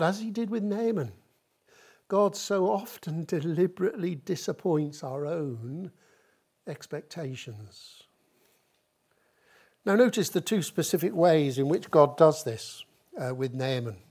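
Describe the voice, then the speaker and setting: A woman's voice: mid-range voice, warm tone. A woman preaching a sermon, asking rhetorical questions and repeating points for emphasis.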